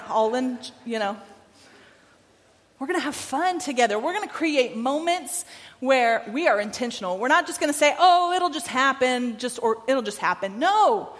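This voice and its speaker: A woman's voice: high-pitched, a bit bright, in a large hall. A woman preaching a sermon in a church, conversational and emphatic, repeating her phrases and checking in with the room. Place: church sanctuary.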